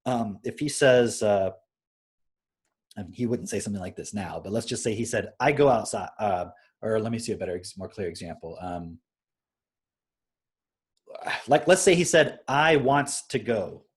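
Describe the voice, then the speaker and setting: A man's voice: lowish voice, lively intonation, normal speed, pauses often, breathy edge. A young adult man on a live stream, casually explaining his parenting approach through stories and often checking in with "right?".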